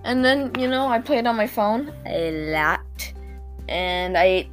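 A woman's voice: medium pitch, lively intonation, slow pace, soft background music. A teenage girl hosting a podcast, talking through her day in a rambling, self-deprecating way with frequent nervous giggles. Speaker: podcast host. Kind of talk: casual diary-style monologue.

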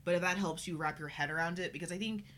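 Low-voiced, dry-witted woman co-host. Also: fairly bright tone, a little hiss or hum. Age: adult, studied in college. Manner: fast, dry, wry, swears casually. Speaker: podcast co-host. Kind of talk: casual chat.

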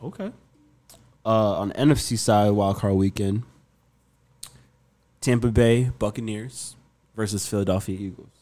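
A man's voice: on the low side, measured pace, long pauses, a little mellow. A man co-hosting a podcast, easygoing, moving things along with questions in casual chat. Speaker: podcast co-host.

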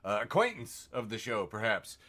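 A man co-hosting a podcast in casual chat who laughs often and talks with an animated delivery. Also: on the low side, normal speed. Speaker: podcast co-host.

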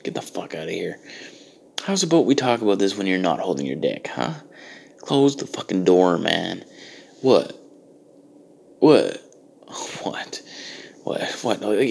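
A man's voice: on the low side, gravelly, breathy edge. A man delivering a profane, exasperated comedic rant. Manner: ranting, exasperated, heavy swearing.

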